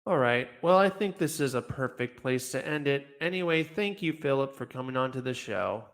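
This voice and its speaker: A man hosting a podcast, winding up an interview with short, unhurried remarks. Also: mid-range voice, animated, fairly bright tone. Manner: brief affirmations, slow wrap-up. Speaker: podcast host. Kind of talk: interview closing.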